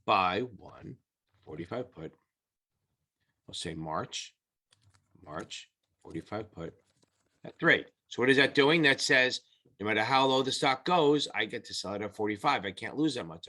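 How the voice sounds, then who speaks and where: A man's voice: medium pitch, bright, forceful tone. A middle-aged man teaching exam prep in a casual, blunt and profane way, rambling through his explanations. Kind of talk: casual whiteboard lesson.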